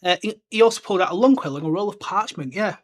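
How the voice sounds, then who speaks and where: A man's voice: high-pitched, fast. A young man hosting a podcast, chatting casually and rambling with lots of filler words. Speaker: podcast host. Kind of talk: casual solo book discussion.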